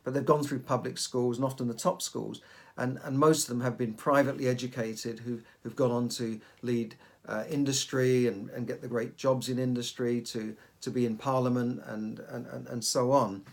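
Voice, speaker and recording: A man's voice: mid-range voice, fairly even intonation, normal speed, vocal fry. A middle-aged man, hosting a podcast and giving casual advice, often repeating and restarting his words. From United Kingdom. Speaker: podcast host.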